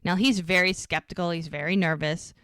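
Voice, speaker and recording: A woman's voice: fairly low pitch, fairly even intonation, fairly quick, a bit bright, clean tone, no room sound, studio quality. A woman hosting a rewatch podcast, casually recapping a TV episode scene by scene with lots of "like" and "she goes.". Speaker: podcast co-host.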